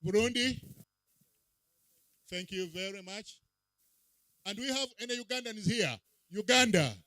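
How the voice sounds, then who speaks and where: A man emceeing an event, his voice pitched a little high and carried dry and close over a handheld mic. He calls out names with punchy rising emphasis, as if to a crowd. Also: lively intonation, measured pace, bright, forceful tone, no echo. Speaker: master of ceremonies. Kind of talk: event emcee roll call. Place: outdoor public event.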